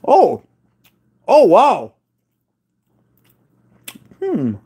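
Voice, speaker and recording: Excitable high-voiced man vlogging a taste test. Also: extremely slow, breathy edge. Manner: excitable, playful, exclamatory. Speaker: food vlogger. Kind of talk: casual taste-test commentary.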